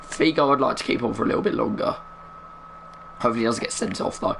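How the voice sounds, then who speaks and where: A young man giving live commentary while playing a football video game, keeping his voice down, chatty and muttering with bursts of excitement. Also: medium pitch, quick pace, vocal fry, pauses often, slight background noise. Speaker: gaming streamer.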